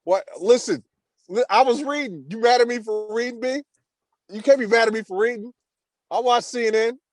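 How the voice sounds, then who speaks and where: A man's voice: very high voice, normal speed, no echo. A man hosting a podcast in casual chat, teasing and laughing, with profanity. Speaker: podcast host.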